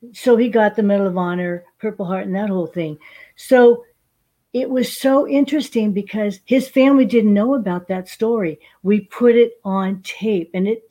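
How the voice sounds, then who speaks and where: An older woman, a veteran, appears as a podcast guest and tells stories chattily in a casual interview, calling people honey. Her voice is mid-range with a dark tone.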